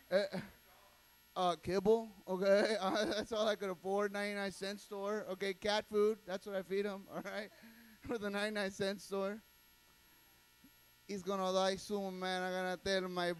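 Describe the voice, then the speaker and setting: Slow-talking high-voiced male comic. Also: clear, resonant tone. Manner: rambling, crude, repeats "okay" often. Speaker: stand-up comedian. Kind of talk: loose crude stand-up bit.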